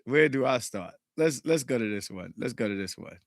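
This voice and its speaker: A man hosting a podcast in a casual, profane, animated way, greeting live chat viewers, sounding slightly congested. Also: medium pitch, moderate pace, dry recording, studio quality. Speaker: podcast host.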